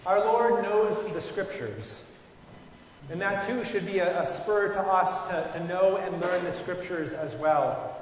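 High-voiced man teaching in an echoey hall. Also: lively intonation, measured pace, distant mic, slight background noise. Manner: informal, musing, frequent fillers and restarts. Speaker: Bible study leader. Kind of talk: conversational Bible teaching.

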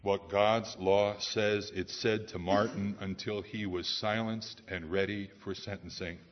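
A male pastor preaching a sermon in a church, swinging from loud declarations to hushed lines. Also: fairly low pitch, steady tone, unhurried. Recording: dull sound with long hall reverb.

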